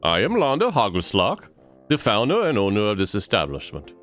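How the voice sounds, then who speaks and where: A man's voice: fairly low pitch, wildly swooping pitch, a little fast, fairly bright tone, soft background music. A man voicing an overeager male bird who owns a chocolate shop, speaking floridly in a put-on foreign accent. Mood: gushing.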